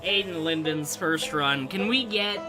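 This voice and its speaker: A man streaming his gameplay live, excitable and foul-mouthed, shouting and laughing at the game while talking straight to his viewers. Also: a little high, measured pace, music in the background.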